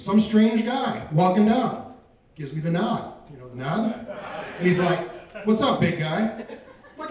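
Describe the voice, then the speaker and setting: In an echoey room picked up by a distant mic, a stand-up comedian tells a self-deprecating story and tosses asides to the crowd, who laugh along. His voice is high, with a darkish tone.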